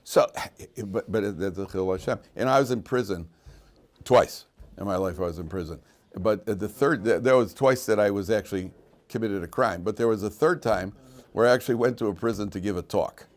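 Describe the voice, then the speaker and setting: A man's voice: fairly low pitch, a little fast. A middle-aged man, a rabbi giving an informal Torah lecture to students, who acts out voices in his stories and laughs at his own jokes. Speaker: rabbi teaching a weekly Torah class. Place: classroom at a Jerusalem yeshiva.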